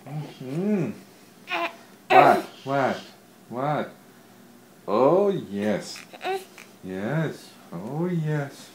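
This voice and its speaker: A man's voice: medium pitch, sing-song, extremely slow, long pauses, slight background noise. A man talking baby talk to his infant, repeating coaxing questions in a sing-song way. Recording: roomy home-video sound.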